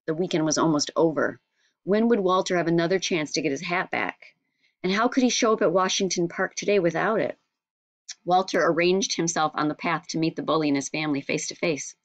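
Low-voiced woman reading an audiobook. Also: fairly quick, no room sound. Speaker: audiobook narrator. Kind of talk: scripted audiobook narration.

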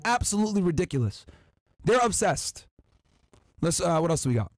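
A man's voice: high voice, very animated, a little fast, no echo. A man hosting a podcast, reading out viewer chats and answering them in an emphatic, combative, profane way. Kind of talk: casual podcast chat.

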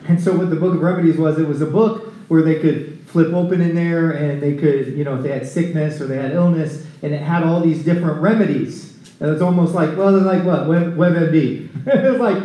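A man preaching a conversational sermon at a recovery ministry, telling scripture stories in an animated way. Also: a little high, brisk. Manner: animated storytelling, acting out scripture scenes. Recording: echoey room.

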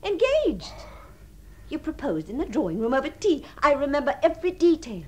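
Confused yet insistent, the Princess speaks at normal speed in this radio drama performance. The female actor gives this deluded, lonely upper-class spinster who dreams of marrying a high, very animated, refined voice that shifts between breathy tenderness and giddy excitement.

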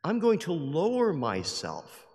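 A man's voice: fairly high pitch, takes it slowly. Emphatic preacher man in a reverberant church. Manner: lively, emphatic, acts out quoted voices. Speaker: priest. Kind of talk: sermon. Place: large church. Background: long hall reverb.

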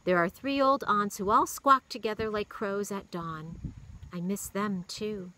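A wistful grown woman who is new to the prairie talks in a quiet, thoughtful way, her voice a little higher than usual, as a woman reading aloud puts her on. The tone is bright and clear. It is a storybook reading. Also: unhurried, slight background noise, rough recording.

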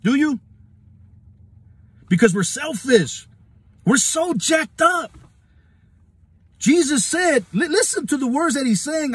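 A man's voice: very high-pitched, expressive, takes it slowly, long pauses, dry recording. A man preaching fervently into his phone, repeating himself, throwing out rhetorical questions and laughing as he goes. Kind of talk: impassioned phone-recorded Bible devotional. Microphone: phone camera.

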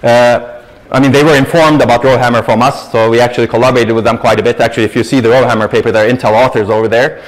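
A man's voice: medium pitch, fairly even intonation, rapid-fire, poor audio. A man giving a university lecture and taking audience questions, emphatic and explanatory, often stressing his points. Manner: explanatory, emphatic, leans on "actually". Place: lecture hall.

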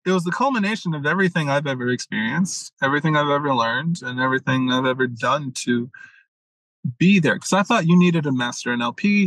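A young adult man tells a story in a casual podcast conversation, his voice sitting a little high. He leaps into acted-out quotes and curses without pause. The sound is close and dry. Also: dry recording, poor audio. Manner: animated storyteller, swears freely, acts out quotes. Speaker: masculine leadership mentor, guest.

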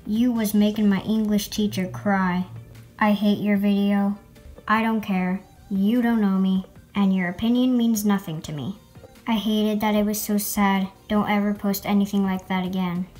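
A woman's voice: mid-range voice, steady tone, moderate pace, a little mellow. A young woman reading out hate comments and answering them in a sarcastic, mock-offended way. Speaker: LPS video creator reading hate comments. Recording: faint music behind.

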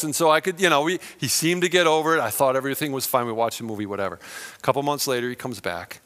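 Bright-voiced storytelling pastor. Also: male voice, mid-range voice, expressive, a little fast. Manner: storytelling, acts out friends' lines with big swings in loudness. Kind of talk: sermon.

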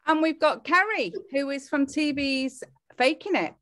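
A woman's voice: sits high, lively intonation, measured pace, fairly bright tone. An English woman hosting a casual chat show, chatty and hesitant with fillers. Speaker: host.

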